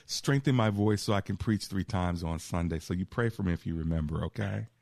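A middle-aged man hosting a call-in radio show as a pastor, teaching scripture with a preacher's cadence that slows for quoted verses. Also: low voice, creaky, a little mellow, no echo. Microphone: studio microphone.

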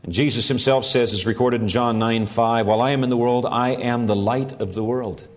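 Middle-aged man, pastor, earnest sermon delivery, mid-pitched. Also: fairly even intonation, a little fast. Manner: earnest preaching with rising emphasis on key phrases.

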